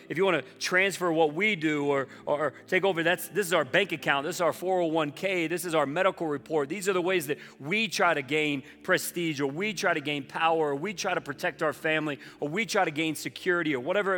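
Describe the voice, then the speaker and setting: A man in his thirties, a pastor preaching a sermon in an earnest, conversational way that often drops soft and low. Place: church auditorium. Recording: long reverb of a large hall with faint music.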